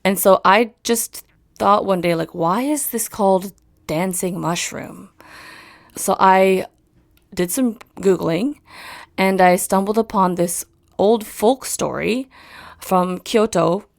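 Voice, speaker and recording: Speaking slowly with vocal fry in a medium-pitched voice, a young woman raised in Japan chats as a musician guest in an interview. Her storytelling is animated and loaded with fillers.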